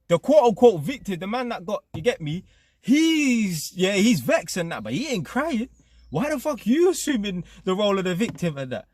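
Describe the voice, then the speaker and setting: A man's voice: high-pitched, very animated, moderate pace, a little mellow, no echo. A young man, ranting his opinions to camera as a channel host in slangy street talk, forever tagging questions onto his lines. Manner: slangy, streetwise, repeats tag questions like innit. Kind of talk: casual opinion rant to camera.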